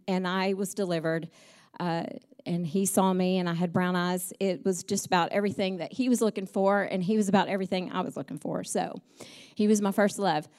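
A woman's voice: mid-range voice, darkish tone. Middle-aged woman at church, telling stories about her father in a chatty, heartfelt way with frequent ums. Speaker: church speaker. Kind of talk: personal storytelling message.

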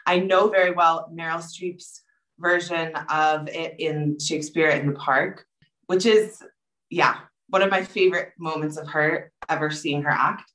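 A woman's voice: low-pitched, fairly even intonation, unhurried, a bit bright. New York woman, echoey room. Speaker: reader, guest. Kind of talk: casual talk.

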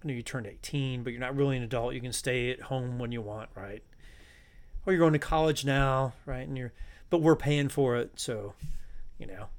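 A man's voice: mid-range voice, normal speed. A middle-aged man, a podcast guest, speaking in a reflective, philosophical way and thinking aloud. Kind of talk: casual conversation.

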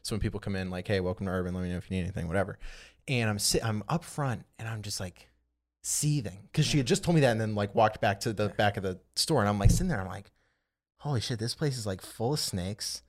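A young man with a fairly low voice tells a long, rambling story to his friends on a podcast. He leans on "like" constantly and acts out what everyone said. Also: fast talker. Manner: rambling, animated retelling with lots of "like". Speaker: podcast co-host. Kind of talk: casual storytelling chat.

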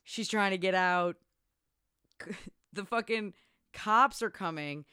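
A woman's voice: medium pitch, slow, bright, forceful tone, clean tone. A woman co-hosting a podcast, casually recapping a movie, swearing freely and acting out the characters' lines.

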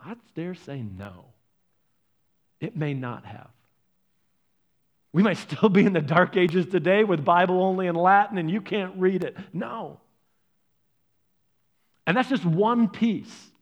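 A man preaching a sermon, telling stories earnestly, swinging from loud stresses to soft, hushed lines. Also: high voice, takes it slowly, pauses often, highs cut off. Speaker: pastor.

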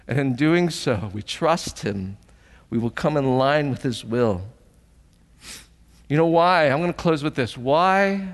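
A man's voice: medium pitch, big-room sound. A man preaching a sermon as pastor, earnest and emotional, often asking the congregation questions, at times tearful.

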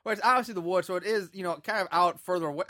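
A man's voice: high-pitched, racing, pushed and bright, no echo, studio quality. A man co-hosting a podcast, recapping a movie plot with sarcastic asides. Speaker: podcast co-host.

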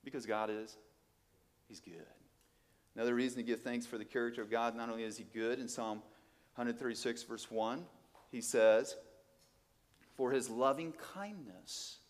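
Animated male preacher. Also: normal speed, long pauses, long reverb tail. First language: Portuguese. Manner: animated, emphatic, swings from low asides to loud exclamations, rhetorical questions. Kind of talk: sermon.

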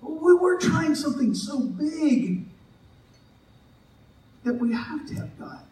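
Pastor, male, high voice, conversational sermon, echoey distant church recording. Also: very animated, takes it slowly, a little mellow, a little hiss or hum. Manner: conversational, joking, acts out quoted voices. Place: church sanctuary. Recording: echoey church hall, mic from afar.

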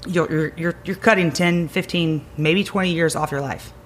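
A chiropractor from the Greenville County area of South Carolina guests on a podcast, her fairly low voice steady and at normal speed, with a little hiss or hum. In this energetic conversation she gives emphatic advice, repeating key words to press her points.

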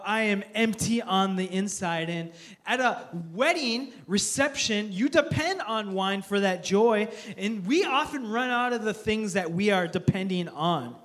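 Earnest, high-voiced male preacher. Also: a bit bright. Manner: earnest, repetitive, stammering restarts. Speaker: pastor. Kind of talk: sermon.

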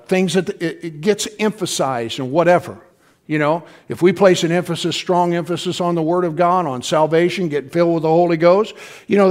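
Speaking from a church sanctuary, a middle-aged man preaches in a chatty style, often laughing softly and asking the congregation questions. His voice is on the high side.

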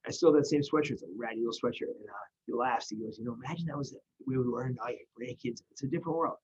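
A man speaks fast and earnestly, often restarting his sentences. His voice is husky and slightly rough. The recording sounds dull and lo-fi. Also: mid-range voice, a little mellow. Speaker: guest in recovery. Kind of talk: casual conversation.

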